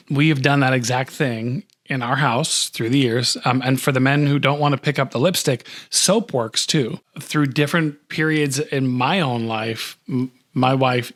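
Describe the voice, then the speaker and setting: Man host with halting restarts. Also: medium pitch, a bit bright. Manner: stumbling restarts. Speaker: podcast host. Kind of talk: casual interview chat.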